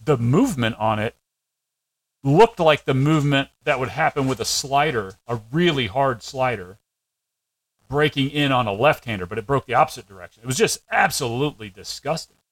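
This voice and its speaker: A man co-hosting a sports podcast in casual chat, making wry deadpan quips and breaking down plays in detail. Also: medium pitch, normal speed, no echo, low-quality recording. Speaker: podcast co-host.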